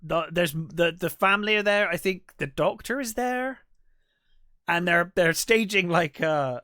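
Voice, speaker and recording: A man's voice: high-pitched, unhurried, pushed and bright, smooth, no echo, studio quality. A man co-hosting a podcast, casually retelling a film's plot in a rambling way, full of fillers and restarts. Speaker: podcast co-host. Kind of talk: casual film recap chat.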